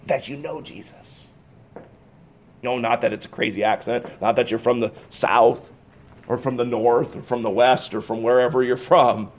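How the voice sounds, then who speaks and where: A male pastor preaching a sermon to a church congregation, swinging between loud, emphatic bursts and quiet, intense passages. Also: mid-range voice, steady tone, moderate pace, slight background noise. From Pacific Northwest. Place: church sanctuary.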